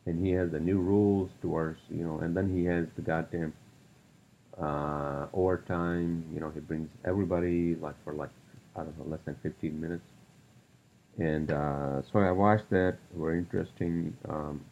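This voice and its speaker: A man's voice: sits low, fairly even intonation, normal speed, darkish tone, highs cut off, slight background noise. A man hosting a solo podcast, rambling through topics with lots of fillers and profane rants. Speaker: podcast host.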